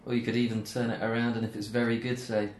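A man's voice: lowish voice, level tone, fast talker, a little hiss or hum. Easygoing man chatting in an echoey room. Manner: easygoing, chimes in with short replies. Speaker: podcast guest. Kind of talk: casual podcast chat.

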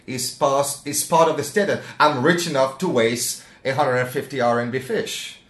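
A man's voice: medium pitch, normal speed, a bit bright. Man explaining in an echoey room. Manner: explains phrases patiently. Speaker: podcast host. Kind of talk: casual chat.

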